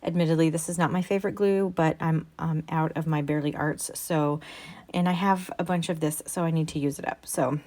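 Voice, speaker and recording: A woman with a low, fairly flat voice talks through her craft project as a casual voice-over. She meanders along easily, pausing on ums and restarting her sentences. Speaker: craft vlogger.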